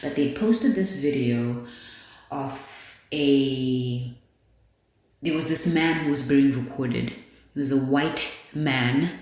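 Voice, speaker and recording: A woman's voice: a bass voice, darkish tone. A woman hosting a podcast, talking bluntly and candidly in a casual monologue, with plenty of swearing. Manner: candid, blunt, profane commentary. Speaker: podcast host. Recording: very echoey room.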